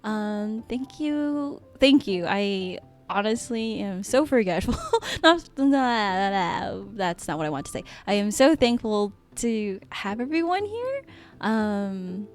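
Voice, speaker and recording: A woman streaming live as a VTuber, chatting with her viewers in a giggly, gushing way and hesitating with many soft ums. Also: mid-range voice, animated, slow pace. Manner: giggly and gushing, often laughing. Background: faint background music.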